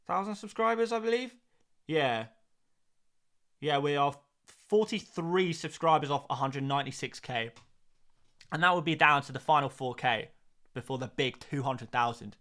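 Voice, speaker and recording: A man's voice: on the high side, fairly bright tone. Chatty man hosting a live stream. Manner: chatty, repeats phrases, frequent fillers and restarts. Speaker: host of a fantasy football live stream.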